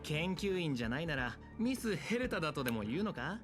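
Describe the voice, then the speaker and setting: A man's voice: on the high side, very animated, racing, over music. A wry young male researcher. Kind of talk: Japanese game voice acting.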